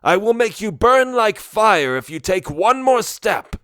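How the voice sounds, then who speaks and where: Old male wizard, high and strained, grave and worried, voiced by a man. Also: expressive, unhurried, dry recording, clean studio sound. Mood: yelling.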